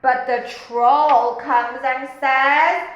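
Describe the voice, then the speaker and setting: A woman kindergarten teacher telling a story in an online lesson, slow and sing-song, asking a young child questions. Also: very high voice, lively intonation, a bit bright, dull audio. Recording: very echoey room.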